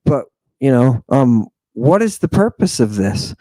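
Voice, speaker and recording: Slow, dark-voiced sardonic male lecturer. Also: medium pitch, big pitch swings, no room sound. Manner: sardonic, rambling, talks straight at listeners. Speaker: podcast host. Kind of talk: late-night lecture.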